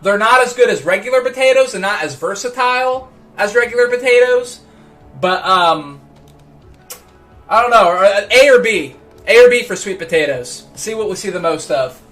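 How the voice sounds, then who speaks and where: A man with a high, bright, ringing voice talks loosely on a livestream, stumbling over his words and repeating himself as he goes. Faint music plays behind him. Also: animated, moderate pace. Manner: rambling, stammering repeats. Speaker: livestream host. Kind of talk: casual livestream chat.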